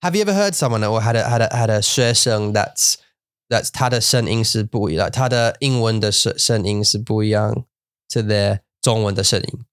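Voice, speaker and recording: A man's voice: lowish voice, a little fast, clear, resonant tone, no room sound, studio quality. A man, a native English speaker, co-hosting a casual bilingual podcast, playful and jokey, stumbling over his words. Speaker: podcast co-host.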